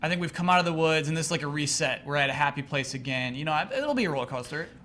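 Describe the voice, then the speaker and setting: A man's voice: fairly high pitch, lively intonation, racing, pushed and bright. A man in casual livestream chat, upbeat and agreeable.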